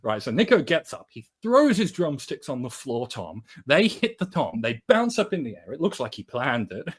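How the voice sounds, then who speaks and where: A man co-hosting a music podcast, telling a story in a casual, animated way. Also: medium pitch, moderate pace, breathy edge. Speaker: podcast co-host.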